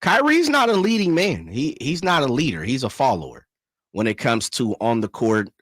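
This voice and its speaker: Sports radio cohost guy, mid-pitch voice, punchy and slangy, very dry sound. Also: big pitch swings, normal speed, fairly bright tone, husky, no echo. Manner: emphatic, colloquial, uses boxing and horse imagery. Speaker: co-host. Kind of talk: casual sports talk.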